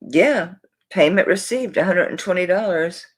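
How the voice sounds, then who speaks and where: A woman's voice: fairly low pitch, expressive, normal speed. A woman selling jewelry on a live stream, chatting to viewers in a flustered, rambling way while she searches through orders.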